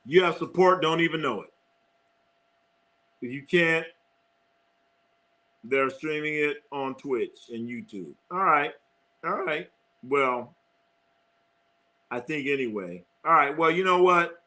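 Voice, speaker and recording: A middle-aged man chatting casually on a live sports stream, cursing freely and circling back to the same phrases over and over. His voice sits a little high and sounds bright and forward. He talks at an unhurried, drawn-out pace, laughing often between lines. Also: expressive. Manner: rambling, profane, repeats phrases, laughs often.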